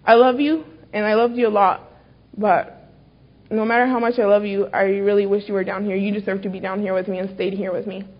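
A woman voicing a young man who apologizes softly and sadly to his friend. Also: flat delivery, brisk, lightly acted. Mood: remorseful. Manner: soft, low, apologetic. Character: remorseful young man, quiet and sorry. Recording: dull lo-fi recording.

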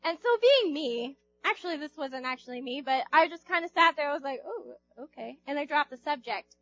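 Speaking as a youth speaker, this young woman keeps her sermon informal and playful, quizzing the audience and performing the quotes she cites. She has a high, expressive, slightly bright voice and a brisk pace. The audio is muffled and dry with no room sound, and faint music plays underneath.

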